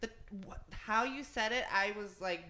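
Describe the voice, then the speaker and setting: A woman's voice: medium pitch, normal speed, a loud crowd. A woman co-hosting a podcast, chatting casually and recounting events with feeling. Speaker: podcast co-host. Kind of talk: casual chat.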